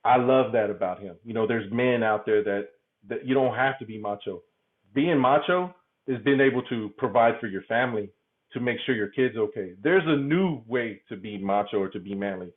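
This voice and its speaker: A man's voice: medium pitch, moderate pace. A man speaking candidly as a podcast guest, laughing often and stumbling over repeated words. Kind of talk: candid conversational interview. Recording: tinny phone-like remote line.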